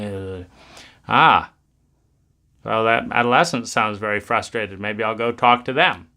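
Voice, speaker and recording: Bright-voiced man giving a reflective talk. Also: on the low side, unhurried, pauses often. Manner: conversational, musing, acts out inner voices. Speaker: self-help speaker. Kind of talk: reflective spoken talk on adulthood.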